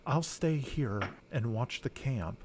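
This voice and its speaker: A man voicing a kind, worried young woman companion in a tabletop game, speaking gently and hesitantly. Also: medium pitch, lively intonation, slow pace, a little hiss or hum. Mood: concerned.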